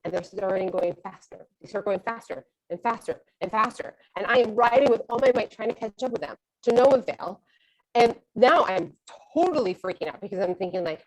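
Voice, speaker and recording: A middle-aged woman tells a funny personal story with lots of movement in her pitch. She is self-mocking and acts out her own thoughts as she goes. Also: animated, a little fast, darkish tone, rough recording.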